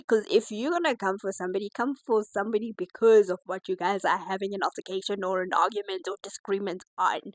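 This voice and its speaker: A woman chatting her way through a reality TV review, animated and laughing often. Her voice sits at a middling pitch and is recorded close and dry, with no room sound. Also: dry recording, low-quality recording. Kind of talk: casual reaction commentary.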